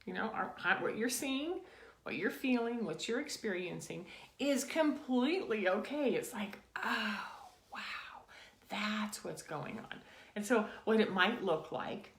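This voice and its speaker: A woman in her sixties hosting a reflective self-help video, talking earnestly about inner child work and dropping soft and quiet when she guides. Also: a little high, expressive, normal speed, reverberant. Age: late 50s to 60s. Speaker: spiritual coach and video host. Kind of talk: casual reflective talk to camera.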